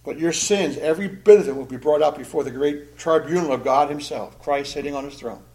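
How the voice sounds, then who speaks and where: A man delivers a sermon in a fairly high voice. His tone is earnest and emphatic, and he presses hard on the phrases he wants to land. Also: a little fast, darkish tone. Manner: earnest, emphatic preaching with rising intensity on key phrases. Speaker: pastor.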